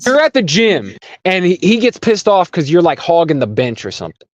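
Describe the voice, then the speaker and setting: A man co-hosting a casual podcast, talking freely and acting out angry people in quick quotes. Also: fairly high pitch, big pitch swings, dry recording. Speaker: podcast co-host. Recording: dry, dull lo-fi sound.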